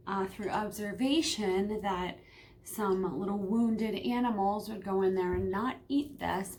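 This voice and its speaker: A woman talking casually in a home vlog, chatty and hesitant with frequent ums, sometimes dropping to a hush. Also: medium pitch, a little hiss or hum. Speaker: vlogger.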